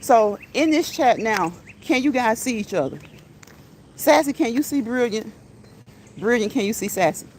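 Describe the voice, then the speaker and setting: A fairly high, expressive, slightly mellow female voice speaks at normal speed, with a touch of hiss or hum. She's walking through her neighborhood while hosting a casual live stream, laughing often, talking with viewers, and reading their messages aloud.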